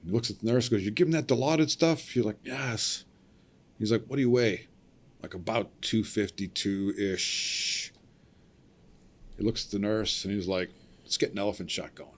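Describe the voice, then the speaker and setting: Speaking at normal speed in a lowish voice, a middle-aged man who works as a cable splicer recounts a story on a podcast. It's casual and relaxed, and he voices the characters himself and laughs as he goes.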